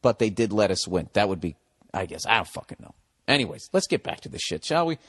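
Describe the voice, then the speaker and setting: A man's voice: on the low side, fast, slightly rough, no echo, studio quality. A man hosting a podcast, ranting casually and with a lot of profanity, drifting off on comic tangents. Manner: profane, animated, goes off on tangents. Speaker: podcast host. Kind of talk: casual comedic rant.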